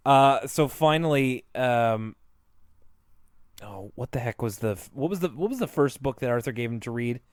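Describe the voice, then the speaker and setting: A man co-hosting a podcast in casual chat, retelling cartoon scenes in an animated way, with lots of fillers and laughs. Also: medium pitch, normal speed, dry recording, clean studio sound. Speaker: podcast co-host.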